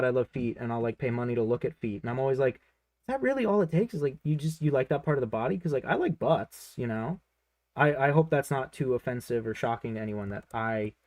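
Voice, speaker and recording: Gravelly-voiced cartoonist chatting while drawing. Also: male voice, medium pitch, a little mellow, dry recording. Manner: rambling, joking, self-mocking. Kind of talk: casual chat while drawing.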